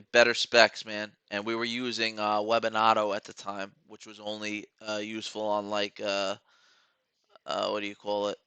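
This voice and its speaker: A man's voice: on the low side, bright, forceful tone, smooth, dry recording. A man hosting a live trading stream, rambling casually to his viewers while watching charts.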